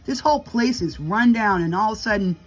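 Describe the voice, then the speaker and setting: A woman's voice: mid-range voice, lively intonation, fairly quick, breathy edge, soft background music. A middle-aged woman vlogging in a heated, casual storytelling rant, acting out what people said to her. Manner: heated, storytelling, acts out quotes.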